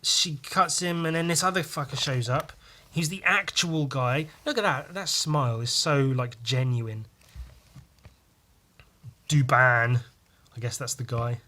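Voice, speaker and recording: Male podcast host: loose, profane, jokey comic-review patter with a bright voice. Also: mid-range voice, measured pace, pauses often. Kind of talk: casual comic review commentary.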